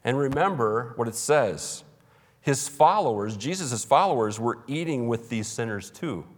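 A man's voice: mid-range voice, expressive, unhurried. A male pastor preaches in a church. His delivery is emphatic but conversational, and he drops humorous asides. His mid-range voice carries a long hall reverb. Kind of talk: sermon.

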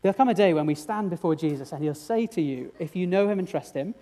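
A man's voice: a little high, fast talker, dark tone. A man preaching a sermon, earnest and direct, often asking his congregation rhetorical questions.

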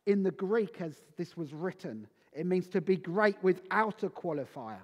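A man preaching a Christmas sermon, slow and emphatic, with dramatic pauses between phrases. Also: sits high, lively intonation, darkish tone. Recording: long reverb of a large hall.

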